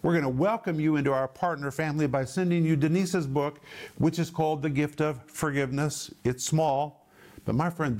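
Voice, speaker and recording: A man teaching the Bible on a broadcast program, emphatic and stretching key words out slowly. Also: a little high, a little mellow.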